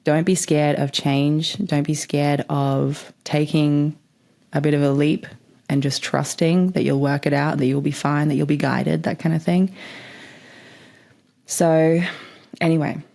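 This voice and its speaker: A woman's voice: low voice, little pitch movement, a little slow, creaky, dark tone. A woman hosting a podcast, giving spiritual advice in a chatty, rambling way and swearing casually. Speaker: podcast host.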